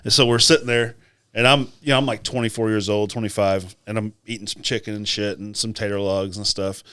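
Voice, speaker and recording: A man's voice: lowish voice, fairly even intonation, fairly quick, pushed and bright, clear, resonant tone. Profane rambling male storyteller. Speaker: podcast co-host, truck driver. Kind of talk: casual storytelling chat.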